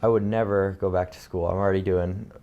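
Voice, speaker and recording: A young man, a guest in a casual interview, answering in a flat, offhand and blunt way. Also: low-pitched, fairly quick, muffled recording. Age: young adult.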